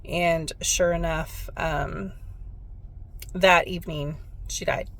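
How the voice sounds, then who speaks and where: A woman's voice: on the low side, steady tone, slow, fairly bright tone. A woman who works as a spiritual medium, telling a personal story in a heartfelt, reflective way on her vlog.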